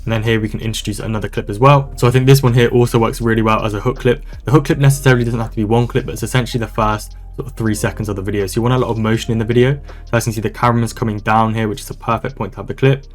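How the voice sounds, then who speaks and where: A man walking through a software tutorial over a screen recording, talking in a brisk, casual, upbeat way. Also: fairly low pitch, fairly even intonation, faint music behind. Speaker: online business coach.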